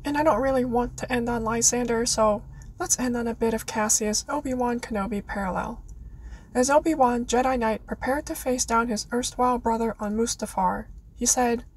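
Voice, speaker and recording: A woman's voice: fairly high pitch, steady tone, moderate pace, a little hiss or hum, rough recording. A woman reading out her prepared fan essay in an earnest way, with playful dramatic flourishes. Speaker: listener contributor.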